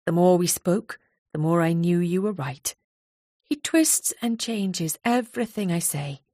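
A woman's voice: fairly low pitch, unhurried, darkish tone, no room sound, studio quality. A woman voicing a tearful, self-critical woman of forty in an audiobook. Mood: bitter.

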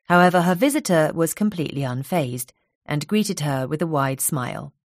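A woman narrating a novel in a calm, even storytelling manner. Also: low voice, normal speed, no room sound, studio quality. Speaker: audiobook narrator.

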